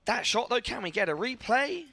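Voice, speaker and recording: A man doing playful, excitable live commentary on a team shooter match, joking with his co-caster. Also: very high-pitched, normal speed. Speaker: esports caster.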